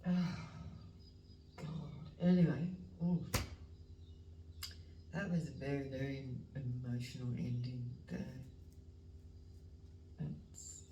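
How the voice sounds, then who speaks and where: A woman, giving a spiritual tarot reading in a slow, emotional, halting way that sometimes drops to a whisper. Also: rumbling low, warm tone. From Western Australia. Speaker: tarot reader. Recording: roomy, distant mic, faint background noise.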